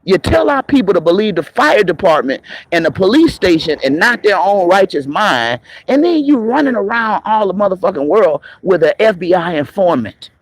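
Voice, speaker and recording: A man with a raspy voice, an online commentator delivering a confrontational, profane, mocking rant on a live stream. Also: sits high, very animated, normal speed, few pauses, dry recording, rough recording. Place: moving around on the go, patchy signal.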